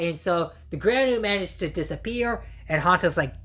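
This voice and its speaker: Woman reviewer, low-pitched, casual rambling recap full of "you know". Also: normal speed, few pauses, a bit bright. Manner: rambling, many fillers and restarts.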